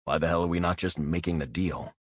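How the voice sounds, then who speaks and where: A blunt, hot-headed male operative, voiced by a male narrator, forceful and profane in a low, husky voice. The reading is dry and close. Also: brisk, dry recording.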